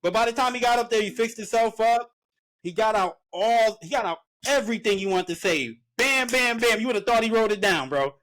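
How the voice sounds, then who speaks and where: A man's voice: high-pitched, a little fast, a bit bright. A man co-hosting a podcast, talking earnestly and rambling a little in casual chat. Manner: earnest, rambling talk with restarts. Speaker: podcast co-host.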